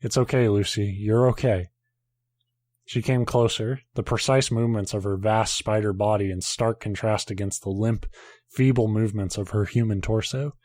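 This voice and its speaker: A man's voice: on the low side, steady tone, moderate pace, a little mellow, no room sound. A man, a podcast host, reading a horror story aloud in a casual way, now and then breaking off to joke and swear.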